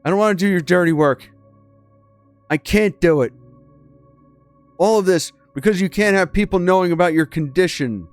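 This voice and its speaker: A man's voice: high-pitched, moderate pace, pauses often, soft background music, voice pushed up, natural voice. A man voicing a distraught young woman student, bitter and desperate, in pleading, accusing outbursts. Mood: anguished.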